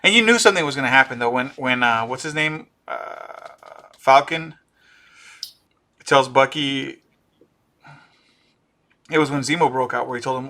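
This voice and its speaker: A man co-hosting a casual pop-culture podcast, riffing excitedly on fan theories and laughing along. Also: medium pitch, moderate pace, long pauses. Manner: animated, excitable, riffs on ideas and laughs. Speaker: podcast co-host.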